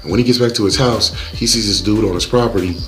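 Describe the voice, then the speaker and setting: Young guy recapping a movie, slangy and jokey, kinda low voice. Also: fast, fairly bright tone, faint music behind. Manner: slangy, loose, joking storytelling. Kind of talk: casual movie recap narration.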